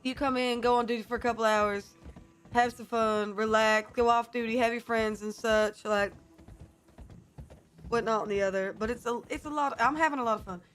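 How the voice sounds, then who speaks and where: Woman streamer, casual and rambling, slightly high voice, sustained character accent. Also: steady tone, moderate pace, fairly bright tone. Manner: holding a put-on character accent, chatty with fillers. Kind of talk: casual chat to stream viewers.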